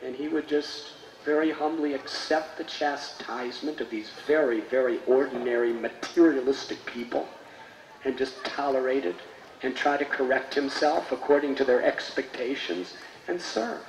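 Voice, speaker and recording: A man, a spiritual teacher, telling a sacred story in a sermon with reverent, expressive delivery. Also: medium pitch, moderate pace. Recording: roomy space with faint noise.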